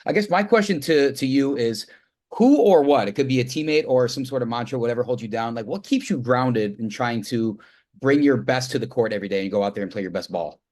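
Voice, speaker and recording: Man sports reporter, mid-pitched voice, asks in a loose rambling way. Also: brisk, a little mellow. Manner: conversational, rambling, loose phrasing. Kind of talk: press conference question.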